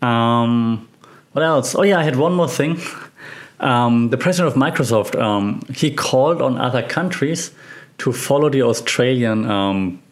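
A man's voice: mid-range voice, animated, unhurried. A man hosting a solo podcast, commenting on media news in a casual, rambling way with many fillers and restarts. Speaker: podcast host.

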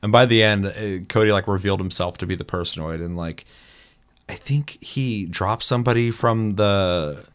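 A man chatting casually about a multiplayer game, telling animated stories and swearing a lot. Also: on the low side, normal speed, smooth. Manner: animated storytelling, heavy swearing. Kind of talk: casual gaming chat.

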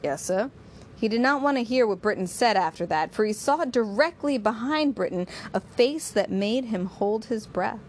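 A woman narrating a novel in a steady, measured storytelling voice. Her pitch sits in the middle range. A faint noise hums beneath the reading.

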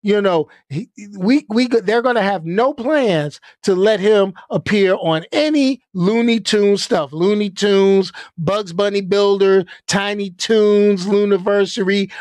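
A man gives animated live-stream commentary at an unhurried, deliberate pace. He punctuates his points with repeated checks like "okay?" and "all right?". The sound is dry and close, with no room reverb. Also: sits high.

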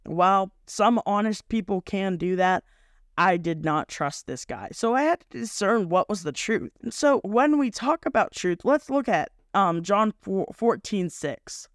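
A young man hosts a faith podcast in casual devotional talk, rambling earnestly and often correcting himself. His voice sits high and is animated and fairly bright, at a measured pace, in a dry, studio-quality recording.

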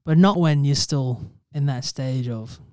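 A man's voice: medium pitch, unhurried, warm tone, clean tone, no echo, studio quality. A young man chatting casually as a podcast guest, laid-back, joking and slangy. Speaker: podcast guest, aspiring actor. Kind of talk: casual chat.

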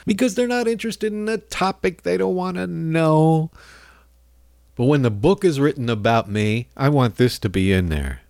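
A male radio host delivering a loose, sardonic monologue, often chuckling to himself. His pitch swings lively up and down. The sound is dry and close. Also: normal speed, gravelly, no room sound. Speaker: radio talk show host.

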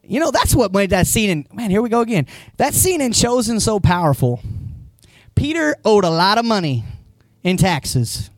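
Pastor guy preaching, really lively up and down voice, chatty, gets loud on his points. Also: high voice, moderate pace, no echo. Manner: conversational preaching, retells scenes with voices; rises to emphatic, raised-voice points. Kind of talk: sermon. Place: church.

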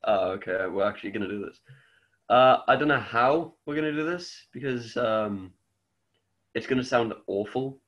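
A man's voice: medium pitch, moderate pace, fairly bright tone, lo-fi sound. A man co-hosting a podcast in casual chat, jokey and fond of silly voices. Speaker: podcast co-host.

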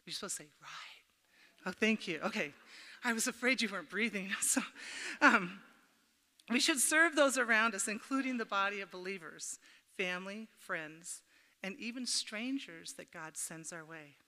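A middle-aged woman with a bright, forceful, medium-pitched voice speaks at normal speed with lively intonation. She gives an informal devotional talk at a church gathering in a reverberant hall, chatty and humorous, sharing personal stories and addressing her listeners directly.

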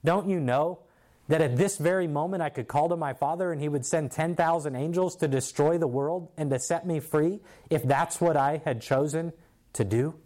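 Man voicing patient loving teacher, calm, gentle, retold scripture. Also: a little high, moderate pace, natural voice.

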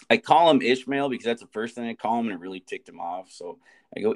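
Quick, expressive, and creaky, a man in his forties with a medium-pitched voice co-hosts a podcast as a teacher. His casual storytelling rambles, with frequent restarts and laughs.

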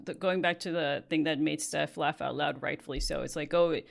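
Gravelly low woman with a light Mexican accent. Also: steady tone, a little fast. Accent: light Mexican Spanish. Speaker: podcast co-host. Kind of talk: casual podcast chat.

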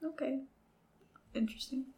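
A woman's voice: high-pitched, normal speed, dark tone. A young woman chatting casually on a podcast in a bedroom, giggly and rambling. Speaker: podcast co-host. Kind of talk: casual chat.

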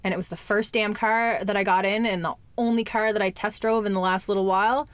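A woman's voice: medium pitch, steady tone, fairly quick, no echo. A young adult woman talking candidly in a casual chat, lots of "like" and the odd swear word. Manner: candid, chatty, fillers and swearing.

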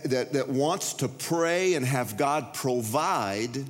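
A middle-aged pastor preaches in a large church, his voice trailing off in a long hall reverb. He tells stories and acts out the voices in them, his pitch sitting in the ordinary middle range for a man. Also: animated, takes it slowly. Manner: storytelling, acts out voices and shouts. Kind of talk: sermon.

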